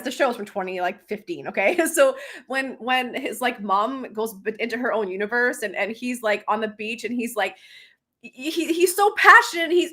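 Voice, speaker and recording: A woman's voice: a little high, pushed and bright. A woman hosts a casual live stream as a business coach, chatting with lots of laughter and fillers and reading comments aloud.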